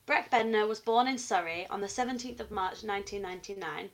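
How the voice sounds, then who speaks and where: A young adult woman who is a university student co-hosts a podcast, chatting casually and reading from her notes when she presents a case. She has a medium-pitched voice and a quick pace.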